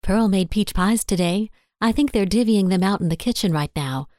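A woman's voice: mid-range voice, normal speed, darkish tone, no echo, studio quality, lightly acted. A woman reading the part of a witty young secretary with a lyrical, teasing way of talking.

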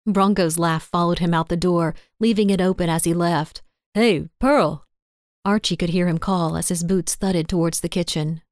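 A woman narrating a story in a steady, even audiobook style. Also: lowish voice, moderate pace, hardly any pauses, no echo, clean studio sound.

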